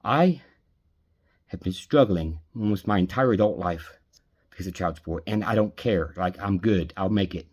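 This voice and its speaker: A man's voice: deep voice, normal speed, darkish tone, husky. An adult man venting in an angry personal rant, bitter and aggrieved, swearing often. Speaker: vlogger venting.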